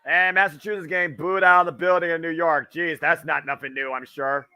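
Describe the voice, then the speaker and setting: A man's voice: fairly high pitch, steady tone, a little fast, sharp tone, smooth. A man from the Midwest of the US, hosting a casual live wrestling watch-along with wisecracking, swearing commentary. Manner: chatty, wisecracking, swears freely.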